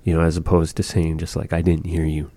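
A man's voice: very deep voice, completely flat delivery, fast, dark tone, dry recording. A man casually teaching phrases of a language, explaining patiently with many fillers and repeating each phrase. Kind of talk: casual language lesson chat.

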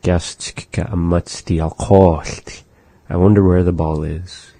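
A man teaching vocabulary in a language lesson, slowly explaining phrases and modeling pronunciation for learners to repeat. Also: low voice, little pitch movement, creaky, mellow, no room sound. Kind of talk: language lesson with repetition drills.

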